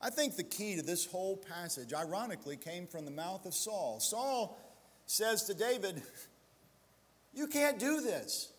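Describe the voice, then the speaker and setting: A man's voice: high voice, expressive, normal speed, long reverb tail. A male pastor preaching a sermon, building to emphatic exhortation and slipping into self-deprecating storytelling asides.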